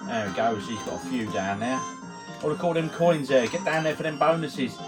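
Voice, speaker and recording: A man's voice: mid-range voice, moderate pace. A man, a few beers in, chatting and bantering casually while he plays retro games at home. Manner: chatty, jokey banter, commentating while playing. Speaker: retro gaming vlogger. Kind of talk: casual gaming vlog chat. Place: at home, indoors. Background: game music.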